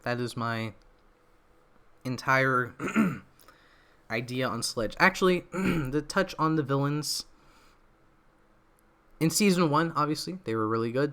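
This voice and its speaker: A man's voice: medium pitch, pushed and bright. A young man hosting a casual livestream, rambling through his opinions with lots of fillers, restarts and small laughs, his throat feeling a bit off. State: throat feels off. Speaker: livestream host.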